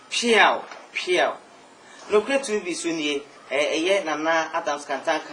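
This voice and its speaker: A man hosting an interview and closing the show, announcing details briskly and clearly. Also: fairly high pitch, pushed and bright. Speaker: host, interviewer. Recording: distant mic with faint noise.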